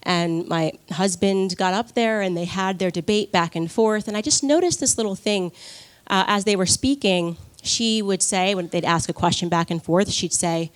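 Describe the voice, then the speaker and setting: A woman speaking from a conference stage to a live audience. She tells her story with animated energy and breaks into quick laughs. Her voice sits at an ordinary pitch for a woman. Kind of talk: personal testimony speech to a live audience.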